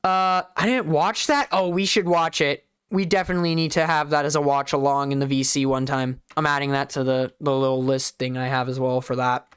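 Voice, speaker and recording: A streamer with a light Southern US lilt chats loosely through live commentary, rambling and poking fun at themselves. The voice is smooth and resonant. The sound is close and dry. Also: medium pitch, fairly even intonation, fairly quick, hardly any pauses, fairly bright tone, no room sound. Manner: chatty, rambling, self-deprecating.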